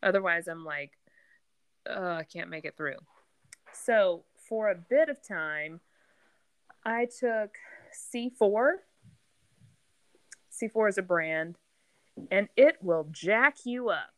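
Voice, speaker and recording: A woman's voice: medium pitch, lively intonation, slow pace, pauses often, no echo. Dry-sounding woman podcast co-host. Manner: chatty, enthusiastic storytelling with fillers. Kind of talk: casual chat. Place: at home near the kitchen.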